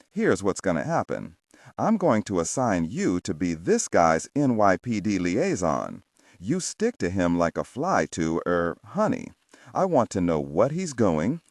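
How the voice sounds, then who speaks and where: A gruff, bossy police captain, acted by a man narrating an audiobook, pushes his orders hard and keeps asking if you follow. His voice sits low but swings widely. The sound is dry and close. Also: a little mellow, no echo, heavily acted. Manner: blunt, pushy, rhetorical questions.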